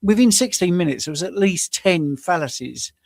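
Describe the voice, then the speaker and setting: A man's voice: high voice, lively intonation, moderate pace, gravelly, a little mellow, dry recording. A man co-hosting a casual chat, jokey and self-deprecating, telling stories. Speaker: co-host.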